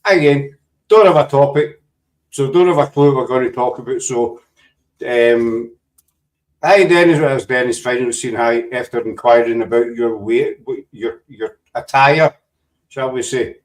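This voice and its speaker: Scottish guy hosting a chat show, joking around, sits a bit back from the mic, mid pitched voice. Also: moderate pace. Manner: jokey, rambling, teasing banter. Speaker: show host. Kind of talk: casual live panel chat. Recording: distant from the mic.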